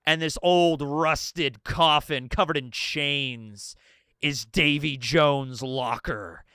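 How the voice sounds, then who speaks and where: A man on a live stream, rambling excitedly through a manga chapter breakdown, laughing often and acting out quotes. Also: fairly high pitch, slow, clear, resonant tone, no room sound, clean studio sound. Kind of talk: casual live-stream commentary.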